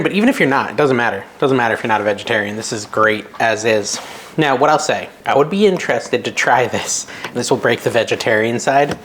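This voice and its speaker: A man's voice: medium pitch, fairly bright tone, slight background noise. Chatty man cooking at home. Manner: chatty, self-deprecating, thinks aloud while cooking. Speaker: cooking video host. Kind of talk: casual cooking vlog chat. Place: home kitchen.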